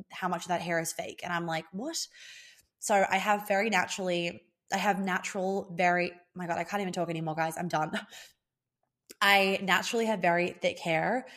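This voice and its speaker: A woman's voice: fairly low pitch, fairly bright tone. A young woman with a fading Australian accent, tired and rambling as she chats casually to her viewers. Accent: Australian, fading toward American. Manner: rambling, chatty, trailing off and restarting. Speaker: vlogger. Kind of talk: casual chat to camera.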